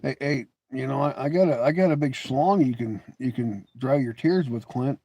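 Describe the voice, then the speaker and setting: A man's voice: mid-range voice, moderate pace, vocal fry, mellow, no room sound. A man hosting a casual live stream, answering viewers in chat with mocking, teasing remarks, often laughing and repeating words as he starts a thought.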